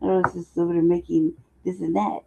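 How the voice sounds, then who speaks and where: A woman's voice: fairly low pitch, little pitch movement, quick pace, gravelly, noisy background. A woman hosting a casual commentary chat, laughing often and talking in loose slang. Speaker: host. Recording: dull lo-fi sound.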